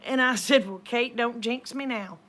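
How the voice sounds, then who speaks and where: A woman's voice: a little high, normal speed, heavy background noise. Chatty woman telling a story. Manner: chatty, retells conversations with lots of "she said". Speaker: vlogger. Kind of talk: casual storytelling.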